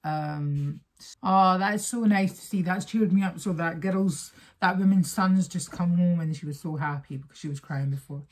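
A woman's voice: on the low side, moderate pace, a little mellow. A young woman reacting to a music video, talking casually and emotionally straight to her viewers.

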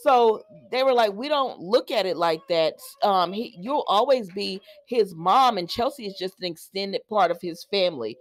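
A woman's voice: medium pitch, normal speed, hardly any pauses. A woman in casual, chatty talk, recapping a soap opera episode for her viewers and reacting with laughs and asides. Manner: chatty and animated, laughing and talking to viewers as "y'all".

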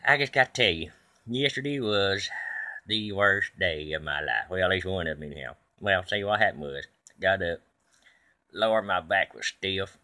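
A man's voice: deep voice, moderate pace, bright, forceful tone. A man telling a comic tall tale in a folksy, rambling way. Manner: folksy, tall-tale telling, quotes others in his own voice. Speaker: comedic storyteller. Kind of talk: comedic monologue.

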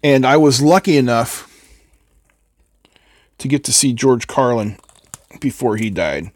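Medium-pitched, expressive, and a little mellow, this older man speaks at a measured pace with no room sound. He hosts a live electronics build, casually rambling and fielding viewer questions between soldering steps.

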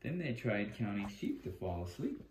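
A man reads a bedtime picture book aloud to his small child in a gentle, storytelling manner. He sits well back from the mic in an echoey room, with steady household noise behind him. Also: on the low side, moderate pace, recorded from a distance. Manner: reads gently, often breaking off to talk to the toddler and dogs. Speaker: father reading to his toddler. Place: living room at home.

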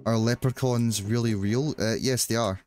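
A man's voice: mid-range voice, steady tone, normal speed, darkish tone, a little hiss or hum. A man with a Glaswegian Scottish accent chatting casually and joking with viewers while playing a game, rambling with frequent restarts. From Scotland. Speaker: livestreamer. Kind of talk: casual chat while gaming.

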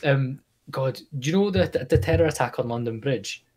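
A man co-hosting a podcast who chats casually and tells stories in a relaxed way. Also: medium pitch, normal speed. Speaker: podcast co-host. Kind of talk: casual chat.

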